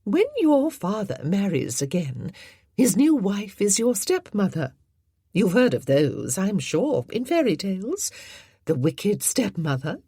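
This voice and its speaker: A haughty older lady, cold and spiteful, with an icy, superior way of drawing out her words, as a woman narrator puts her on. The voice is husky and dry. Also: medium pitch, very animated, unhurried, dark tone, dry recording, voice pushed up, full character voice.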